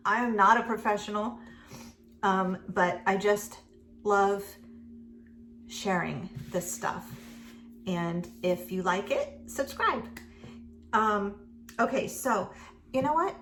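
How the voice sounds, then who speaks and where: A woman's voice: medium pitch, takes it slowly, long pauses, fairly bright tone, a little hiss or hum. A middle-aged woman chatting casually at home while doing her makeup, rambling and chatty with many fillers. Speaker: beauty vlogger.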